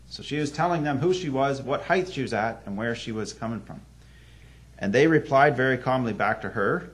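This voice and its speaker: Man preaching with dramatic loud-soft swings. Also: mid-range voice, brisk. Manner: earnest storytelling with sudden swings between loud emphasis and soft drops. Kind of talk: evening sermon.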